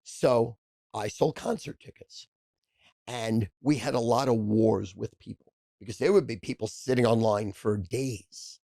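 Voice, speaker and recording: A man's voice: medium pitch, vocal fry, mellow, no room sound. A man, a podcast guest telling profane, brash stories in casual chat. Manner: brash, profane, rapid storyteller.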